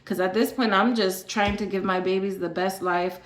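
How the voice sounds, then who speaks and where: A woman's voice: medium pitch, fairly even intonation, moderate pace, roomy sound. A woman from Arizona telling her own story in a casual, chatty way, full of fillers and the odd sigh. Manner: chatty, filler-heavy, sighs between thoughts. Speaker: vlogger sharing her illness story.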